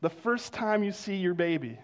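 A male pastor preaching a sermon in a conversational storytelling way, dropping to hushed exclamations of wonder. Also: high voice, lively intonation, moderate pace.

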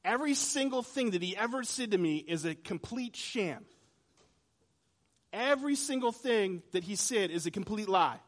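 A man preaching a sermon in a conversational way, swinging between loud emphasis and quiet, hushed lines. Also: high-pitched, expressive, normal speed. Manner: dramatic shifts between loud and soft. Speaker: pastor.

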